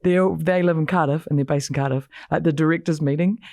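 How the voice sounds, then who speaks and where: A woman's voice: sits low, steady tone, fast, dark tone, no room sound. Laughing, slangy woman in a dry studio. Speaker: rugby podcast co-host. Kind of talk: casual studio chat.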